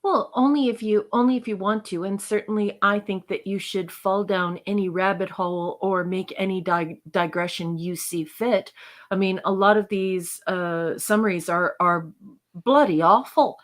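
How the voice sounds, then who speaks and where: A woman's voice: medium pitch, normal speed. A woman co-hosting a casual chat, affectionate and playfully teasing. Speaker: co-host.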